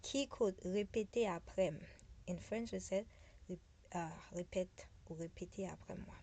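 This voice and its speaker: A woman from Haiti with a Haitian accent, teaching a beginner language lesson. She repeats each phrase slowly, translates it, and adds chatty asides with light laughs at herself. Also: fairly low pitch, warm tone, breathy edge.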